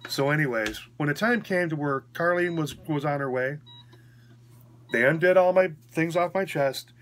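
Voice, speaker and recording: A man's voice: fairly high pitch, normal speed. Frank, rambling man telling a story. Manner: rambling and frank, checking in with 'okay?'. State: recovering after a hospital stay. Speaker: vlogger. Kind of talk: casual storytelling rant.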